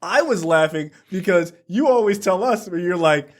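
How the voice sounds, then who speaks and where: A man's voice: sits high, lively intonation, moderate pace. A man co-hosting a casual podcast chat, teasing his friend and laughing often. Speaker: podcast co-host.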